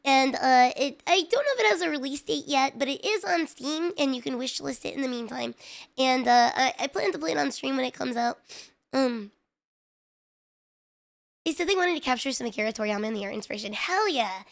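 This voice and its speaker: A woman streamer in casual live-stream chat, excitable and chatty, talking straight to her viewers. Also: sits high, fairly quick, vocal fry.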